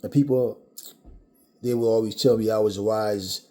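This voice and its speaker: A man's voice: lowish voice, fairly even intonation, normal speed, warm tone. A man from the Caribbean giving a blunt, profane commentary monologue, talking emphatically and swearing freely. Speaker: vlogger.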